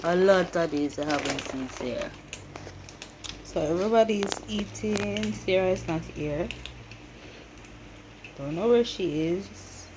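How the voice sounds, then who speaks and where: A woman's voice: on the low side, unhurried, long pauses, background noise. A woman vlogger chatting to the camera at home and coaxing her cats to let her touch them. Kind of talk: casual vlog talk to camera and pets.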